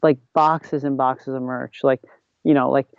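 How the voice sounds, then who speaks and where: A man's voice: mid-range voice, level tone, measured pace, gravelly, smooth, dry recording. A man guest on a podcast, casually telling a rambling story with lots of "like" and acted-out quotes, on a dull lo-fi recording. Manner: rambling, heavy use of "like", acts out quotes.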